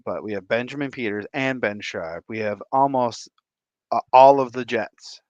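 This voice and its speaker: A man from Michigan hosting a livestream, giving goofy, playful shout-outs to his viewers. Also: medium pitch, no room sound, muffled recording. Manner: playful and goofy, drawn-out silly repetitions. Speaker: livestream host.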